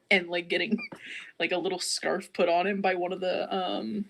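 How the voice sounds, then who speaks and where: A woman's voice: fairly low pitch, steady tone, moderate pace, vocal fry, fairly bright tone. A woman playing a tabletop game, chatting and describing her character's surroundings in a casual way. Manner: chatty, storytelling. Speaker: player. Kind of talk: casual tabletop role-play.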